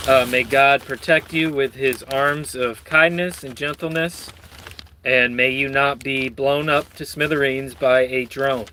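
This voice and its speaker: A man's voice: mid-range voice, fairly even intonation, a little slow, pushed and bright, a little hiss or hum. A man hosting his own channel, reading news stories with rambling, sardonic and profane commentary. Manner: rambling, sardonic, swears a lot. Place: lives in Michigan.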